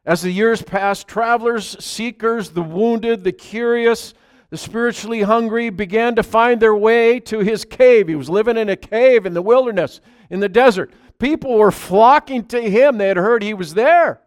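A man preaching a conversational sermon, moving between loud, emphatic scripture reading and quiet asides to his congregation. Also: high-pitched, moderate pace, clear, resonant tone. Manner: chats with the congregation. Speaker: pastor.

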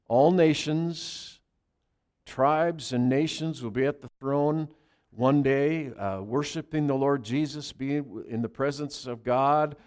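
A male pastor preaching a sermon, pressing key phrases hard and then dropping into quiet asides. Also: a little high.

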